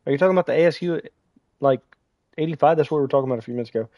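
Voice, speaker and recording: A man's voice: fairly high pitch, racing, no room sound, dull audio. Joking man chatting on a gaming stream. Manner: joking, reads chat messages aloud. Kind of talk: casual gaming livestream chat.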